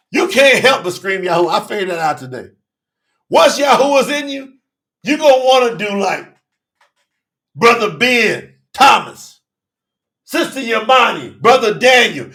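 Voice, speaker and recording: A man preaching a fiery revival sermon, shouting and exclaiming, from Florida, emotional with his nose running. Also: very high-pitched, sing-song, moderate pace. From Florida, United States. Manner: shouting, preaching, Southern US vernacular speech.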